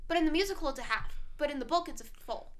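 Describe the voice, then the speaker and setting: A woman's voice: high voice, animated, fast, a crowd in the background. A woman hosting a casual podcast chat, slangy and laid-back, talking into a home computer mic. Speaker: podcast host.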